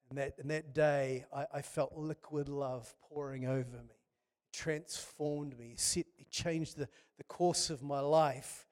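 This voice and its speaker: A man's voice: a little high, steady tone, measured pace, darkish tone. A man preaching a sermon, telling stories with passion and frequent restarts. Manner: impassioned, storytelling with many restarts.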